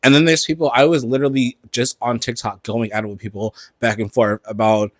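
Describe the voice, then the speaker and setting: Guy ranting gossip on his podcast, lots of cussing and likes, mid pitch, dry close sound. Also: a little fast, dry recording. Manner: animated, gossipy and profane, with frequent fillers. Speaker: podcast host. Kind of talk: casual pop-culture commentary. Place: at home in front of a closet.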